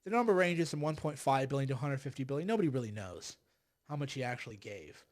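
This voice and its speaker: A man's voice: mid-range voice, lively intonation, quick pace. A middle-aged man hosting a political commentary livestream, sarcastic and exasperated, sighing often and mocking people. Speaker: livestream host.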